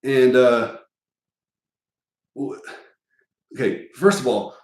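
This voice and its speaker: A man's voice: mid-range voice, drawn-out words, a little mellow, roomy sound, poor audio. A man hosting a podcast, telling a crude, joking story in a casual, rambling way. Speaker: podcast host.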